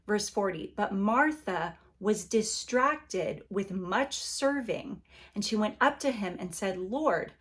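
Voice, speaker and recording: Warm, lively woman teaching the Bible. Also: medium pitch, slow pace, breathy edge. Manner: conversational and animated, acting out quotes playfully; gentle and encouraging. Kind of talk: devotional Bible lesson.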